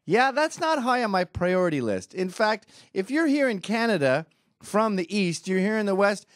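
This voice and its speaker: A man's voice: high voice, big pitch swings, moderate pace, no room sound. Sarcastic british-born guy mocking a video, voice all over the place, dry sound. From Britain. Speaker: commentator. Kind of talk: comedic rant over a video clip.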